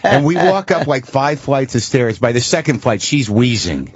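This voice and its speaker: A man's voice: medium pitch, big pitch swings, moderate pace, slight background noise. A man telling candid, self-mocking stories as a comedian guest on a talk show, with frequent restarts and swearing. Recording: dull lo-fi radio broadcast.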